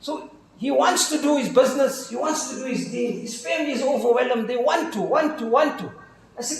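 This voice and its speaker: A man's voice: very high voice, expressive, brisk, a little hiss or hum. A middle-aged man with a South African accent, an imam telling stories in a sermon with quoted dialogue and casual slang. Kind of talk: sermon storytelling. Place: mosque hall. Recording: very echoey mosque hall.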